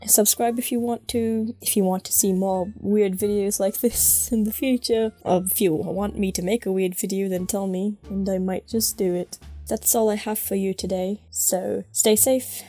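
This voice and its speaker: A woman's voice: medium pitch, mellow, lightly acted. Ciel, a woman voicing a sneering aristocratic boy. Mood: sarcastic. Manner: sarcastic, exasperated, mocking. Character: haughty young aristocratic boy, scornful and impatient. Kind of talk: in-character fanfiction reading with commentary.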